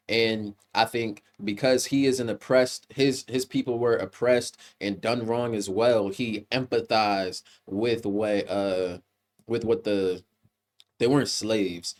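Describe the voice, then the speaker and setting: A man giving a rambling, profane, casual movie review, often restarting his sentences. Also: fairly low pitch.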